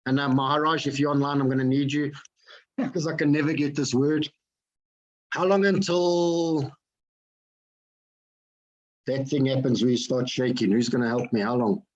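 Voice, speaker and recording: A man giving an energetic motivational talk to an online group. He keeps asking his listeners questions and repeats his phrases for effect. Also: mid-range voice, a little fast, lo-fi sound. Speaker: motivational speaker.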